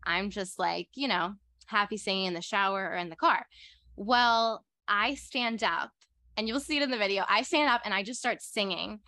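A young woman telling a story in casual conversation, excitable and full of "like" fillers. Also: mid-range voice, moderate pace, dry recording, clean studio sound. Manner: excitable, heavy use of "like" fillers.

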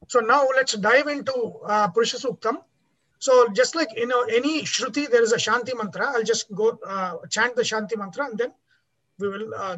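A woman's voice: a little high, fairly bright tone, breathy edge, poor audio. A woman teaching a class on Vedic chanting, explaining patiently with many fillers.

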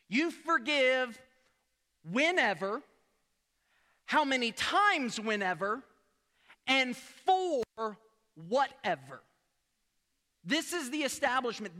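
A man preaching a sermon as pastor, telling a story with lively acted-out dialogue and frequent restarts. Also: extremely high pitch, in a large hall. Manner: animated storytelling, acts out quoted dialogue; frequent restarts and repeated words.

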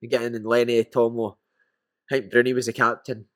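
A Scottish man in his thirties, a former footballer telling animated, sweary anecdotes in a casual chat. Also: medium pitch, a little fast.

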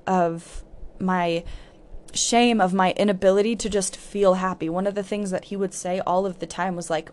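A woman's voice: mid-range voice, normal speed, a little mellow, a little hiss or hum. A woman hosting a podcast, telling a candid personal story in a reflective way, with frequent "like" fillers. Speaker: podcast host. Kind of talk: personal storytelling about healing.

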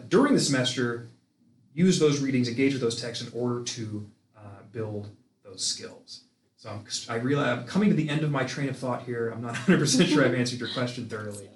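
A man talks through philosophical ideas in a relaxed, thoughtful way, pausing often with ums and restarting sentences. His voice sits at an ordinary pitch. The recording has a noticeable roomy echo. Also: a little hiss or hum. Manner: thoughtful, hesitant, many fillers and restarts. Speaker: philosophy instructor, guest. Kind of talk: casual conversational explanation.

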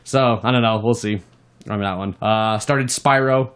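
A man's voice: fairly low pitch, normal speed. A man co-hosting a gaming podcast, chatting casually and ranting with plenty of swearing. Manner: animated and profane, ranting about games. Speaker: podcast co-host. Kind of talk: casual chat.

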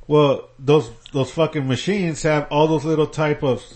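A man with a slightly high voice talks haltingly on a podcast. He fumbles for words and often drops quiet at the ends of his lines. It is loose chat among friends. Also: steady tone. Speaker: podcast co-host. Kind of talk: casual chat.

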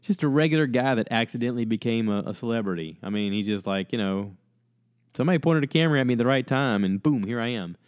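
A man's voice: mid-range voice, animated, fast, no echo, studio quality. A man talking on his own in a rambling, chatty way and acting out quotes as he retells stories. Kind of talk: casual monologue.

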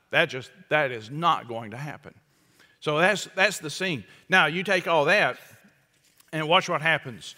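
A man's voice: a little high, sharp tone, long reverb tail. A man preaching a sermon as pastor, emphatic, often acting out quoted lines and chuckling at his own jokes.

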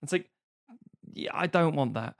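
A British man talks in a loose, animated way on a podcast, his voice sitting a little high. He swears easily and drifts into mock voices to make his points. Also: normal speed, gravelly. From Britain. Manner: animated, swears freely, acts out silly voices. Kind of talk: casual chat.

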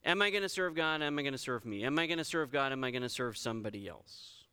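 A man's voice: medium pitch, animated, fast talker, bright, forceful tone, clean tone. A man, a pastor, giving a conversational sermon and reading scripture with emphasis. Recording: reverberant hall.

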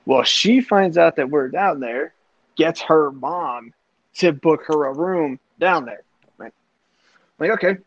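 A young man hosts a podcast, his voice on the high side and his pace slow, as he rambles through a long personal story with plenty of swearing, "like," and other fillers. It's casual storytelling chat, captured with a dull, dry lo-fi sound and no room noise.

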